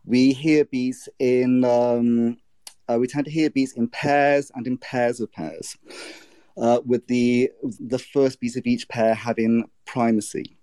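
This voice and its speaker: A man's voice: mid-range voice, fairly even intonation, slow, mellow, no echo. A man on a video call discussing poetry, hesitant, with many ums and restarts. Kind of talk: casual discussion and poetry reading.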